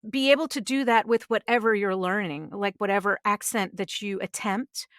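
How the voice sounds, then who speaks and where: A woman's voice: medium pitch, normal speed, clean tone, no room sound, clean studio sound. A middle-aged woman, a voice actress guest on a podcast, speaking earnestly and giving emphatic advice in conversation. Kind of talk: conversational interview. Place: podcast studio.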